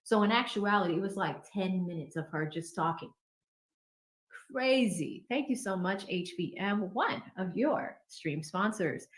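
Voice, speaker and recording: A woman with a mid-range voice and lively intonation hosts a livestream in an echoey room. Chatty and upbeat, she reads out viewers' super chats and tosses in quick asides.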